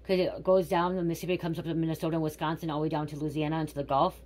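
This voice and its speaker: Middle-aged woman, low-pitched, casual card reader thinking out loud. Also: little pitch movement, very fast. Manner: musing aloud, repeating words. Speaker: tarot reader. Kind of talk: casual spiritual card reading.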